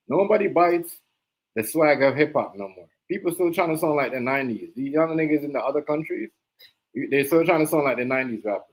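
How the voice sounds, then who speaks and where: A man's voice: medium pitch, poor audio. A man hosting a reaction livestream, ranting in a heated, mocking way and repeating himself. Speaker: livestream host.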